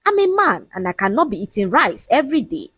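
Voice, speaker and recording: A woman's voice: a little high, very animated, a little fast, husky, dry recording, studio quality, pitched above the performer's own voice, exaggerated voice. Woman putting on a smug cheating man. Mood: mocking. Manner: mocking, lecturing, casually shameless. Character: scornful cheating young man, smug and dismissive.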